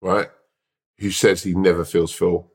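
A man's voice: deep voice, little pitch movement, a little slow, vocal fry, husky. A man rambling in casual podcast chat, peppered with fillers and laughter. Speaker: podcast co-host.

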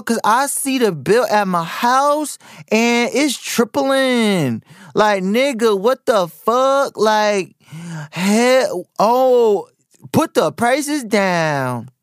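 A man mimicking a shrill, brash woman celebrity. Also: dry recording, clean studio sound, full character voice. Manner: shrill, profane, drawn-out exasperation. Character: brash loud woman celebrity complaining about prices.

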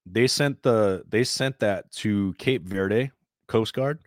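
A man telling a story in a casual, plain-spoken and animated way, sometimes swearing. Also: lowish voice, takes it slowly, no room sound, clean studio sound.

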